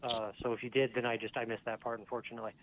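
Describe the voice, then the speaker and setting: A man's voice: mid-range voice, little pitch movement, very fast, fairly bright tone, slight background noise. A man answering a call, hesitant and awkward, with lots of fillers. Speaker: person on a phone call. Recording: muffled phone line.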